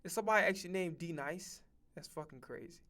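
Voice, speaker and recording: A man streaming reaction commentary, loud, profane and animated. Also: on the high side, quick pace.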